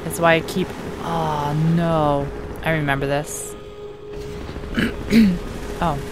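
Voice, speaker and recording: A woman giving casual let's play commentary, chatty and teasing the enemies, her voice slightly hoarse. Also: sits low, fairly even intonation, slow, very noisy. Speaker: gamer playing a shooter.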